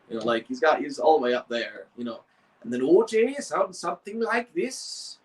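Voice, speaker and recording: A man's voice: medium pitch, animated, moderate pace, far from the mic, low-quality recording. A young man hosting a model-building video, chatting casually and rambling with frequent restarts. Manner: rambling, many fillers and restarts. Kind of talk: casual chat.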